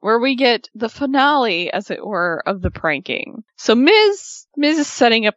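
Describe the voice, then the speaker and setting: A woman co-hosting a radio talk show, recapping an episode in a chatty, animated way with plenty of fillers. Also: fairly high pitch, a little slow, no echo. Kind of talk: casual chat recapping a reality show. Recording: dull, dry lo-fi sound.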